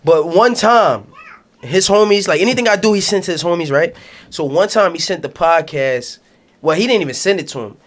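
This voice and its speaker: A man with a fairly high voice telling a story with animated, slangy flair. He talks in loose casual podcast banter. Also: moderate pace. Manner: animated storyteller, slangy, says "I'ma keep it G". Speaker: podcast co-host.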